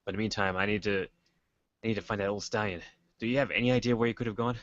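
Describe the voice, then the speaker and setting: A man's voice: on the low side, steady tone, very fast, a bit bright, dry recording, lo-fi sound. A male player role-playing a guard lieutenant, hesitant and unsure, in a tabletop game. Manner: hesitant, uncertain.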